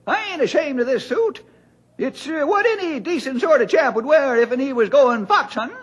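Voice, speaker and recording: A feisty old-timer forest ranger, bow-legged and boastful, with a high, folksy, excitable voice that leaps all over the place. He sounds like he is on an old radio drama, heard through a dull, lo-fi recording. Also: normal speed. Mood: indignant. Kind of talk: 1950s radio drama acting.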